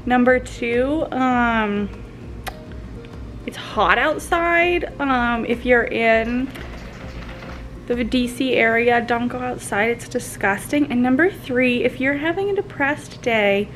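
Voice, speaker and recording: A woman's voice: fairly high pitch, slow pace, fairly bright tone, faint music behind, low-quality recording. A young woman chatting casually to her camera at home, rambling with lots of fillers. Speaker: vlogger. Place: apartment, indoors.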